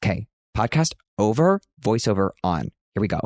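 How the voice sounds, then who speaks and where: A man in his thirties hosts a casual podcast from a hotel room, speaking at a moderate pace in a lowish, sing-song, slightly mellow voice. He's chatty and self-mocking, sometimes breaking into a big dramatic announcer voice, and the sound is studio quality with no echo.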